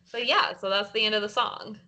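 A woman's voice: medium pitch, fairly even intonation, a little fast, bright, forceful tone. A woman co-hosting a casual music chat, leading the talk with many likes and restarts. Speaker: podcast co-host leading a song discussion.

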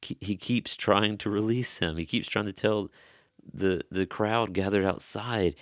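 A man's voice: lowish voice, unhurried, fairly bright tone, no room sound, studio quality. A man preaching an expository sermon in an earnest, conversational way, stressing key phrases.

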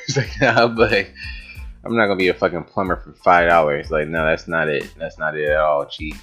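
A man's voice: sits low, steady tone, moderate pace, a bit bright, faint music behind. A young man telling a story to camera in a casual, rambling way, swearing often and filling his talk with "like.". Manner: rambling, profane, with frequent "like" fillers and laughs.

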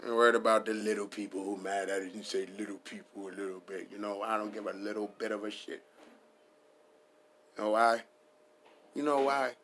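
A man's voice: fairly low pitch, steady tone, a little fast, pauses often, fairly bright tone. A man riffing in a casual comedic style, rambling and profane, laughing at his own jokes.

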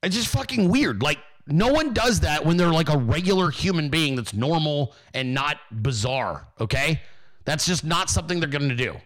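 Loud swearing male political ranter. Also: a little high, lively intonation, normal speed. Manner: loud, mocking, swears constantly. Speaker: political commentary streamer. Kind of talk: profane ranting commentary.

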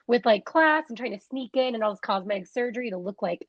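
A young woman co-hosting a casual podcast chat, talking in a chatty way with quick asides and frequent laughs. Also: on the high side, expressive, no echo, highs cut off. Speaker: podcast co-host.

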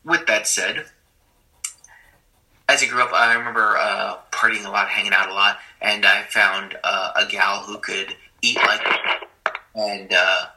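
A man's voice: lowish voice, steady tone, a little slow, sharp tone, poor audio. A man, a school teacher, telling his own story in a conversational, self-deprecating way with many fillers. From Puerto Rican and Haitian family. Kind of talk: personal storytelling, testimony.

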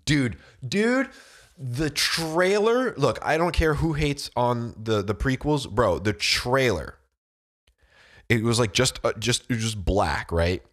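A man's voice: mid-range voice, a little slow, a bit bright. A man with a cold, chatting casually to camera in a rambling, slangy way, full of "dude" and "bro". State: has a cold, voice deeper than usual.

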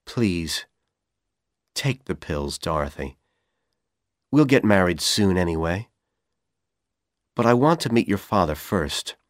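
A man with a Persian accent voicing a manipulative young man who coaxes and pressures in a calm, persuasive tone. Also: sits low, slow pace, pauses often, no room sound, studio quality, exaggerated voice. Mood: coaxing. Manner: coaxing, then coldly insistent.

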